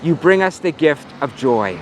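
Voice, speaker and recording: A man playing a tired, kindly farmer in a children's story, speaking slowly and gently. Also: fairly high pitch, big pitch swings, a little hiss or hum. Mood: tender.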